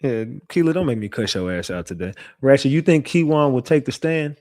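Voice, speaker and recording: A brash man running a livestream who trash-talks freely and laughs a lot. His voice sits at a middle pitch. The sound is dry and close, with no room echo. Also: lively intonation, a little fast, darkish tone. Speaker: livestream host. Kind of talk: casual livestream commentary.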